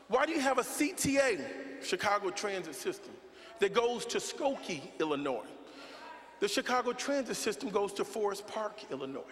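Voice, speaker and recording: High, bright-voiced man preaching in a hall. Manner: preaching cadence, building to shouts. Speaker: speaker at a Saturday forum. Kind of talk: impassioned political speech. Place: large hall with a choir. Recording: long hall reverb from the PA.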